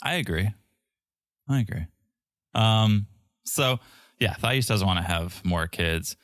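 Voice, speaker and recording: A deep-voiced man co-hosting a casual podcast. He recaps a reality show with dry, sarcastic remarks. The recording is close and dry. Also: lively intonation, slow pace, a bit bright, no echo. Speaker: podcast co-host.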